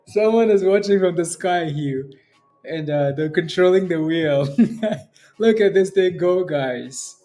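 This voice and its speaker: A man's voice: fairly high pitch, slow pace, pauses often, dark tone, soft background music. A man hosting a live day-trading stream, cheering on prices, chanting and laughing as he talks to viewers. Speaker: day trading livestream host.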